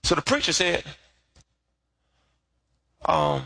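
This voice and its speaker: Lively husky-voiced preacher man. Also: on the low side, moderate pace. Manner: lively, animated preaching with call-and-response. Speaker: pastor. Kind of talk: sermon.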